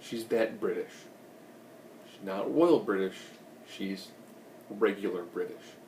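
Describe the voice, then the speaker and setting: A man's voice: low-pitched, slow, darkish tone, echoey room, distant mic, slight background noise. A man giving a casual, rambling recap of a TV episode, with joking asides. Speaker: recap host.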